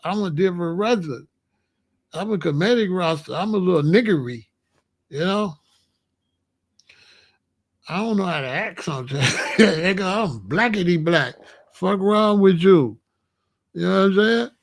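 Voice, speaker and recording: A brash man from the United States, talking in a high register. He delivers a boastful, confrontational street-talk rant full of profanity. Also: lively intonation, moderate pace, pauses often. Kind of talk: animated profane monologue.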